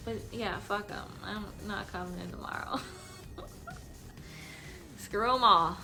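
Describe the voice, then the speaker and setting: A woman's voice: mid-range voice, takes it slowly, music in the background. A tipsy young woman telling a work story to camera, laughing often and swearing as she acts out the people involved. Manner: laughing often, swearing, acting out coworkers' lines. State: tipsy from drinking. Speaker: vlogger.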